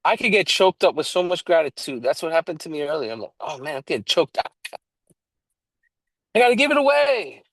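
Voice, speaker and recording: Fired up guy, kinda high voice, preachy and casual, swears some, dry sound. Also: animated, quick pace, few pauses, fairly bright tone, no room sound, rough recording. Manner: emphatic, preachy, swears casually, restarts often. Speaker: recovery study co-host. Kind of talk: casual online meeting talk.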